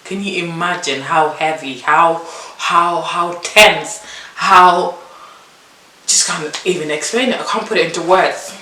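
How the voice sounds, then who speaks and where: Animated woman telling a story in an echoey room. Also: lowish voice, measured pace. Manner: animated, acts out the midwives' and her own lines in a raised voice. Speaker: vlogger telling her birth story. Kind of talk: casual storytelling to camera. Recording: echoey room, mic at a distance, faint hiss.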